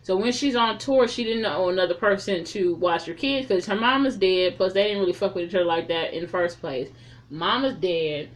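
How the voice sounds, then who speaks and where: A woman's voice: medium pitch, normal speed. A woman reviewing a film in a casual, rambling recap, swearing freely and drifting off on tangents. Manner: rambling, profane, loose and chatty.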